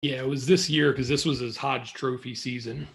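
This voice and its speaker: Husky man around forty. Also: medium pitch, steady tone, normal speed. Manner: thoughtful, self-deprecating. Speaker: podcast guest. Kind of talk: casual chat.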